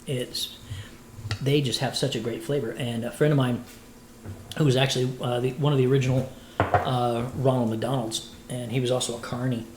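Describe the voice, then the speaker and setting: A man's voice: medium pitch, little pitch movement, moderate pace, reverberant, background noise. A man, a voice actor, chatting playfully with viewers while cooking on a livestream. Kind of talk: casual cooking livestream chat.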